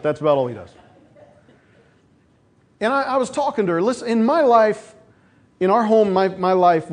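A middle-aged male pastor preaching a sermon, telling stories and acting out voices along the way. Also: a little high. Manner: storytelling, animated, acts out quoted voices.

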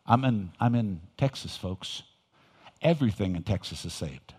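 A man's voice: lowish voice, expressive, normal speed, slightly rough. Older man preaching in a big hall. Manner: folksy storytelling with loud emphatic swings. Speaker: pastor. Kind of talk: sermon. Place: church sanctuary. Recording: reverberant hall.

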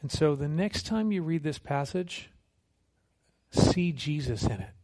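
At a measured pace and with a fairly high pitch, a man preaches as a missionary. His sermon is told through conversational, humorous stories, animated and with quotes acted out.

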